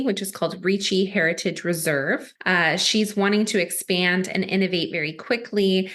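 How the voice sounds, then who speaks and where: A woman's voice: mid-range voice, fairly bright tone. A woman co-hosting a podcast, telling a story in a chatty way with frequent giggles. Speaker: podcast co-host. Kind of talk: casual chat.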